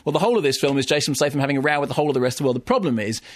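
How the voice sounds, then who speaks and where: A man's voice: on the high side, animated, racing, dry recording. Male radio film critic, theatrical and ranting, dry close studio sound. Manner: ranting, theatrical, comic impressions. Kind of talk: animated radio film review.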